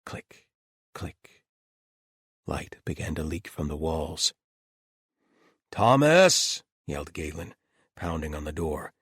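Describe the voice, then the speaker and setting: A man narrating a fantasy audiobook with expressive storytelling. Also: a bass voice, normal speed, husky, dry recording, clean studio sound. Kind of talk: scripted narration.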